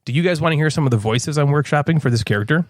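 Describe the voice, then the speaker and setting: A man's voice: on the high side, rapid-fire, no echo, clean studio sound. A man hosting a board game podcast, chatting casually and joking about character voices. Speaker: podcast host. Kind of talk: casual chat.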